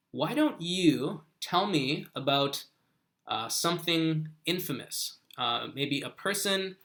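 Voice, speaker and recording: A man's voice: fairly high pitch, a bit bright. A man teaching a live online English lesson, patiently correcting the sentences viewers send in.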